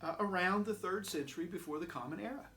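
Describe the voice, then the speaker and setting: A man preaching a sermon, building through rhetorical questions and then dropping to a quiet close. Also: high voice, fast talker, a little hiss or hum. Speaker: pastor.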